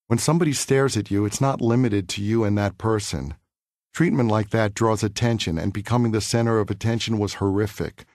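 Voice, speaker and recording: A man's voice: fairly low pitch, darkish tone, dry recording, studio quality. Earnest man reading his memoir. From New York City. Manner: measured, earnest, reflective reading. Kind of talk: audiobook memoir narration.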